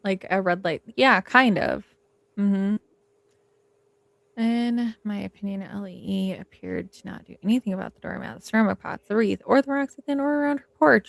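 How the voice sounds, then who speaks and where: Woman on a true crime stream, kinda fry-ish voice, rambles, swears to make a point. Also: medium pitch, dry recording. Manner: emphatic, rambling, swears for emphasis. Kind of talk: casual livestream discussion.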